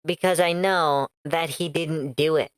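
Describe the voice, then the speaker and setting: A woman's voice: low-pitched, steady tone, measured pace, clear, resonant tone, dry recording. A woman streaming reaction commentary, blunt and sarcastic, swearing freely.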